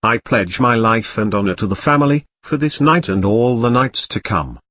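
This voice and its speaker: A man voicing a timid, excitable male house elf servant who keeps dropping a low, bowing "sir" at the end of his sentences. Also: normal speed, no room sound, studio quality. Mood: earnest. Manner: servile, ends sentences with a low drawn "sir".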